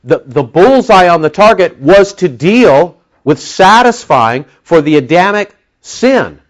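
Male pastor, slightly high voice; conversational Bible teaching that turns emphatic. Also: big pitch swings, slow. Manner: emphatic, rising to near-shouting when stirred; conversational, with asides to the audience.

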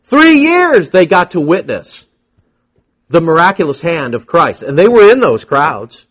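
A man's voice: fairly high pitch, a little slow, breathy edge. A man preaching an expository sermon, reading verses aloud and acting out the dialogue with frequent fillers. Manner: animated, acts out scripture dialogue, frequent fillers.

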